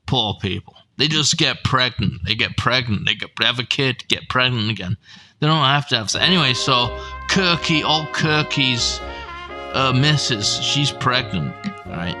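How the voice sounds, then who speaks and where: A man's voice: mid-range voice, expressive, measured pace, pushed and bright, faint music behind. A man giving profane, sardonic reaction commentary as a YouTube host.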